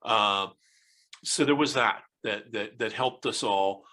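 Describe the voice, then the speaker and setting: A man's voice: fairly low pitch, slow pace, sharp tone. An American man in his sixties, a guest telling stories in a casual interview, rambling and hesitant with many fillers and restarts. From United States.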